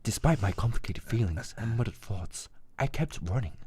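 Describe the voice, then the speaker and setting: A man's voice: on the low side, expressive, moderate pace, a little mellow, slightly rough, dry recording. A man reading visual novel narration aloud between easygoing chat, chuckling at times. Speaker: let's play co-host.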